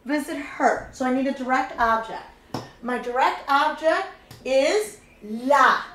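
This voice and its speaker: A woman's voice: high voice, takes it slowly, a bit bright, echoey room, a little hiss or hum, rough recording. A woman teaching a Spanish grammar lesson, patiently walking through each step and repeating key points.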